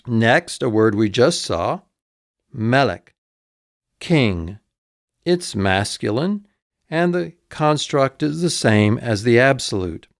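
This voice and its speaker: A man teaching vocabulary in a recorded lesson, repeating each word slowly and spelling it out letter by letter. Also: mid-range voice, expressive, no room sound, studio quality. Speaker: instructor.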